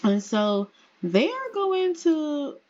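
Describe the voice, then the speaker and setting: A woman's voice: high-pitched, sing-song, takes it slowly, a little mellow, muffled recording. A woman hosting a life-sim let's play, narrating in a chatty way with asides to viewers. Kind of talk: casual game narration.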